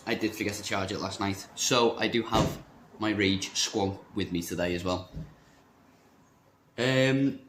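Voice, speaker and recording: An upbeat young man talks casually through his shop's products with playful word choices. His voice sits at a middling pitch and carries a clear echo from the indoor shop, with some faint noise behind him. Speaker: vape shop staff presenter. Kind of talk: casual product rundown vlog.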